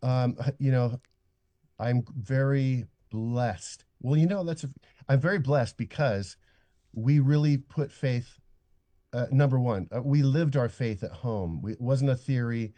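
An older man talks earnestly and reflectively, often stopping and restarting his thoughts. His voice is dark and mellow. It sounds close and dry through a studio microphone. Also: mid-range voice, measured pace, no echo. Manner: earnest, reflective, stop-start. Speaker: guest. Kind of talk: radio interview.

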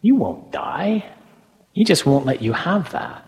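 A man's voice: a little high, sing-song, unhurried, a little mellow, long reverb tail, voice pushed up. A man doing a sly coaxing serpent. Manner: coaxing, insinuating. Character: the serpent, a crafty sly male tempter.

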